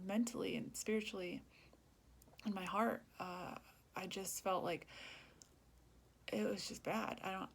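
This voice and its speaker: A young woman talking earnestly in a personal vlog, rambling, laughing often and dropping to a whisper. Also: medium pitch. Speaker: vlogger.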